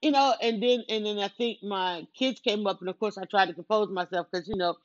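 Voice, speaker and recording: A woman's voice: mid-range voice, steady tone, fairly quick, dry recording, muffled recording. A woman telling a personal story in a casual monologue, earnest and rambling, with many restarts and asides to the listener.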